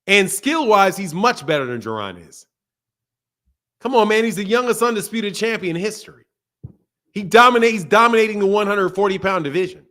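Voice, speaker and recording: A man's voice: high-pitched, bright, forceful tone. A man with a Philadelphia accent hosting a casual boxing livestream, reading super chats in a playful way and repeating phrases.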